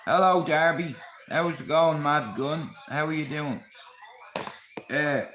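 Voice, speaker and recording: A Dublin man streams live to his viewers and tells his story bluntly, with plenty of swearing. His voice sits a little high. It rings around an echoey room. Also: slow, noisy background. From Ireland. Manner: blunt, heavy swearing, lively retelling.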